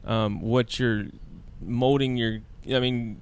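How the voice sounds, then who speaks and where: A man in his thirties with a smooth, resonant voice at a middle pitch. He talks in loose, casual podcast chat, often restarting and groping for the right words. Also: fairly even intonation. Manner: halting, searching for words with many restarts and fillers. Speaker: podcast co-host.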